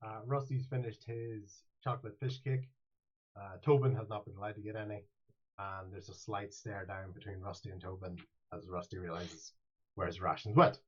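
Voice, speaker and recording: A man's voice: lowish voice, level tone, moderate pace, slightly rough. Man, game master, rambling, playful, dull lo-fi mic. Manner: rambling, playful, restarts often. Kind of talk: narrating a tabletop game.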